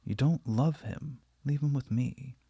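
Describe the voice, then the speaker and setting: A man's voice: lowish voice, big pitch swings, normal speed, gravelly, a little mellow, husky, dry recording, full character voice. A man reading the part of an anguished young wife who pleads passionately. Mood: pleading.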